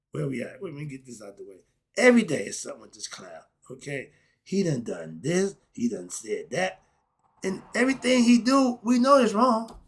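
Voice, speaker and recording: Husky ranting man. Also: high-pitched, fairly bright tone. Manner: blunt, ranting, swings between muttering and outbursts. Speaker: commentary vlogger. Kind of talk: casual opinion monologue.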